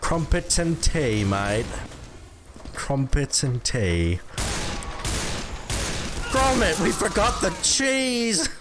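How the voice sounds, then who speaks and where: A man's voice: fairly high pitch, very animated, voice pushed up, heavily acted. A man doing a hammy British bloke. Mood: cocky. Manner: deliberately bad, slow and drawn out. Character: cocky mock-British bloke, slangy. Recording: noisy game stream audio.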